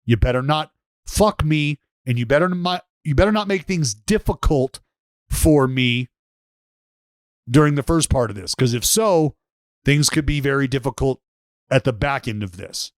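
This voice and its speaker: A man's voice: medium pitch, expressive, moderate pace, no room sound. Wisecracking man co-hosting, dry close sound. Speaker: podcast co-host. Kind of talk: casual sports podcast chat.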